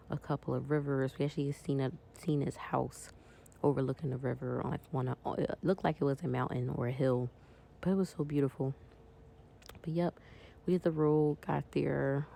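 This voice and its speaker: A woman's voice: a bass voice, creaky, warm tone. A woman vlogger chatting casually to her viewers as she decorates a planner, talking straight to them. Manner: chatty, talks directly to viewers.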